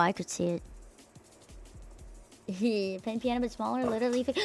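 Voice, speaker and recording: A young woman streaming as a VTuber from home, chatting loosely with a slight tomboyish rasp, swearing and laughing as she reads out chat. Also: fairly high pitch, moderate pace, long pauses, faint music behind. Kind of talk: casual livestream chat, reading out chat messages. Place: home room. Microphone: desk streaming mic.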